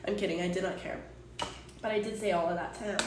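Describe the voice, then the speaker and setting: A woman's voice: fairly low pitch, fairly even intonation, quick pace, heavy background noise. A woman streamer chatting casually, exasperated and rambling, swearing freely as she defends herself to her chat. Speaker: Twitch streamer. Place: apartment room. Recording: echoey room, distant from mic.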